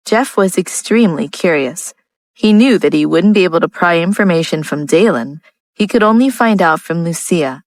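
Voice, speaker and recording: A woman narrating a romance audiobook in a steady, even reading style. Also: fairly low pitch, moderate pace, no room sound, poor audio. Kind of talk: scripted narration.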